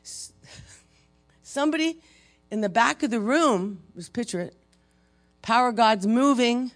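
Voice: medium pitch, a little slow, soft background music. A preacher giving a sermon and retelling a story, talking casually and asking the audience questions. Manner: conversational, asks the audience questions.

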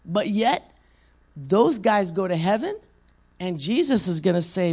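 A woman's voice: mid-range voice, very animated, a little slow, long pauses, a little mellow, breathy edge. A woman preacher delivering a conversational sermon, asking the room questions and acting out quoted voices.

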